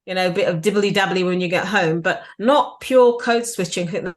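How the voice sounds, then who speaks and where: Lower-pitched middle-aged woman, animated. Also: fairly quick. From United Kingdom. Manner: animated, many restarts and "you know". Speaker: guest, PR agency founder. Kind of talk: casual interview chat.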